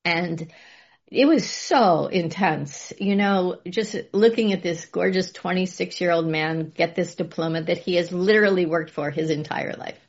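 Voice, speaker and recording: A woman's voice: fairly low pitch, unhurried. A middle-aged woman in casual conversation, telling a heartfelt, rambling story with emotion. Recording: muffled lo-fi audio.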